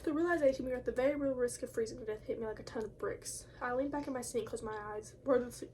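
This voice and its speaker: A young woman with a slightly high voice reads a creepy post aloud in a playful, offhand way, laughing easily between lines. A faint hiss sits behind her. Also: very fast, a little mellow. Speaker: video co-host. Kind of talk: reading horror posts aloud with casual chat.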